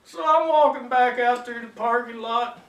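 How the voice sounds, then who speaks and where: A man's voice: very high voice, normal speed, fairly bright tone. A man hosting a comedy show, telling a folksy, wry story with a drawl. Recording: roomy sound from a distant mic.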